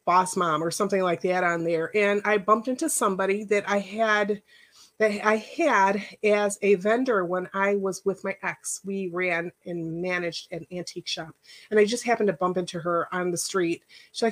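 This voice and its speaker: A woman's voice: mid-range voice, fairly even intonation, normal speed, fairly bright tone. A middle-aged woman, a life coach, giving a casual workshop talk in a chatty, personal storytelling way with rambling asides.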